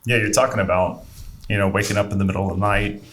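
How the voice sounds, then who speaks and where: A man talking as a podcast guest coach, explaining in a measured way. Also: fairly low pitch, steady tone, a bit bright. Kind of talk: casual chat.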